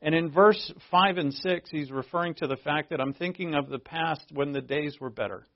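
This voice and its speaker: A man delivers a sermon in a relaxed, conversational way, reading passages aloud and pushing up into emphatic bursts. His voice sits a little high and carries a gravelly edge. The recording sounds dull and lo-fi. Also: normal speed. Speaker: pastor.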